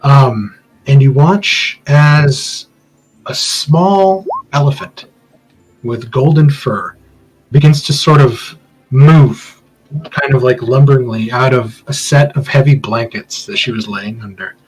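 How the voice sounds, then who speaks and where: A man's voice: mid-range voice, slow, husky, faint music behind, poor audio. A man running a tabletop game as game master, describing scenes in a loose, hedging way full of fillers.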